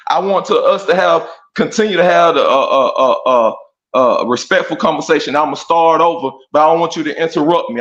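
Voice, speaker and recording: A man in a heated debate who talks insistently, repeats himself and stresses that he is being respectful. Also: medium pitch. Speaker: debate participant. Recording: echoey, dull lo-fi audio.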